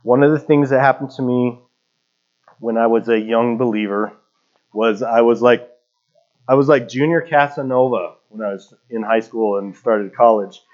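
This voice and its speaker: A man's voice: mid-range voice, moderate pace, darkish tone. A man in his thirties preaching a sermon as a pastor, talking conversationally and telling stories with casual fillers. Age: 30s. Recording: dull lo-fi recording.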